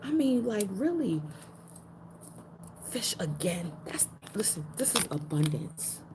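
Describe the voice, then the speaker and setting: A woman giving a casual spiritual card reading, talking in slang and repeating her phrases, her pitch jumping up now and then for emphasis. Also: very animated, slow pace, noisy background.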